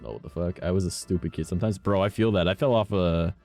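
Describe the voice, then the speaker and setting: A man's voice: sits low, fast, darkish tone. A young man streaming, telling long rambling stories in casual chat, swearing often and tacking "right?" onto his sentences. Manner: rambling storyteller, lots of "right?" and "all right?"; swears freely and laughs at his own stories. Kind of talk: casual chat while gaming. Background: faint game music.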